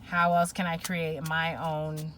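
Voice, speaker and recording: A woman reading tarot for her viewers in an open, emotional way, often pausing with fillers as she feels her way through the message. Her voice is bright and forward, with a faint hiss of noise underneath. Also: low-pitched, level tone. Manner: rambling, emotional, thinking aloud with many fillers. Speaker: tarot reader. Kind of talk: spiritual pick-a-pile reading.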